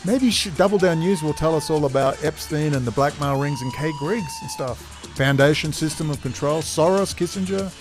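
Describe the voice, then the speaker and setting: A man's voice: a little high, moderate pace, over music. Heated, sarcastic man ranting. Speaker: host. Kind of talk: profane ranting commentary.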